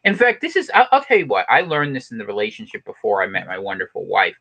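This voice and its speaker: A man co-hosting a live stream show, chatting casually and jokingly, rambling and quick to laugh. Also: fairly low pitch, animated, pushed and bright, slightly rough. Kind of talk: casual political chat.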